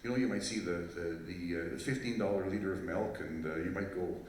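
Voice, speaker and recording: A man's voice: sits low, a little fast, a little hiss or hum. A man telling a rambling, joking story to a live audience from a festival stage, with lots of fillers and restarts. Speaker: fiddler introducing a tune on stage. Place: large hall at a live festival show. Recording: very echoey hall, voice from far off, faint crowd ambience.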